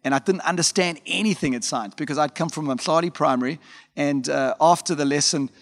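A man's voice: fairly high pitch, a little fast. A man preaching a conversational sermon as a pastor, telling stories informally with frequent fillers and asides. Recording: long hall reverb.

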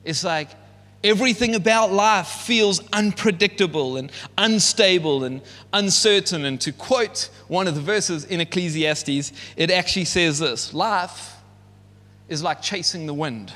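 A man gives a sermon in a high, ringing voice. He talks in a relaxed way, then builds to forceful, emphatic peaks. His words carry a long echo around a large hall. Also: unhurried. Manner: conversational, rises to emphatic peaks. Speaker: pastor.

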